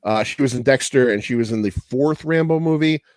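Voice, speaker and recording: A man's voice: mid-range voice, fairly quick, a little mellow, no room sound, studio quality. A man hosting a podcast, talking casually and profanely, rambling through trivia and laughing often. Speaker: podcast host.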